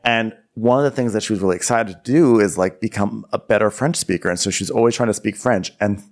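Brief: male podcast co-host, lowish voice, loose comedic recap chatter. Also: fast talker. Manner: chatty, lots of "like", acts out quotes. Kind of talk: casual comedic recap chat.

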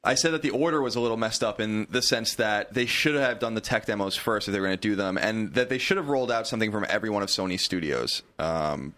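A man's voice: fairly low pitch, fast talker, few pauses, a bit bright. A man on a casual podcast, ranting animatedly with strong opinions. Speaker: podcast co-host. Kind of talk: casual chat.

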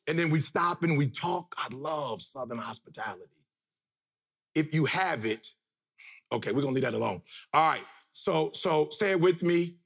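Husky, high-voiced shouting motivational speaker. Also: male voice, animated, a little fast. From Detroit. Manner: preachy, call-and-response with crowd; shouting, swings between loud and low. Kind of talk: live motivational speech.

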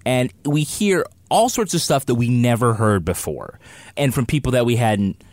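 A man's voice: medium pitch, expressive, moderate pace, a little mellow, no room sound. A man co-hosting a casual podcast, jokey and rambling with fillers. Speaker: podcast co-host.

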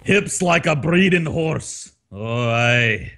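A man putting on a mock Scottish accent to play a leering, gruff Scotsman for a joke. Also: a little high, lively intonation, fairly bright tone, exaggerated voice. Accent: put-on Scottish. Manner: drawling, slow, mocking. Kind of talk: comic put-on voice on a podcast.

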